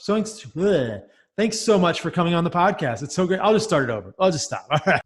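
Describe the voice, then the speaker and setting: A man's voice: high-pitched, very animated, fast talker, husky. Upbeat male podcast host. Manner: enthusiastic, upbeat. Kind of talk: podcast interview and ad read.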